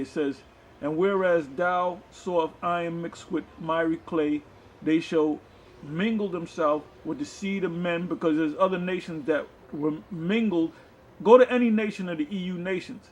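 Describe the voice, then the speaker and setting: A man teaching scripture, who reads verses aloud and then explains them in a loose, filler-laden way. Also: fairly high pitch. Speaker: preacher.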